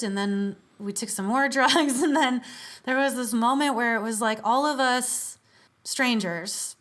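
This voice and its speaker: A woman's voice: mid-range voice, a bit bright. A woman, a podcast guest, telling a story in casual conversation, chatty with many fillers and easy laughs.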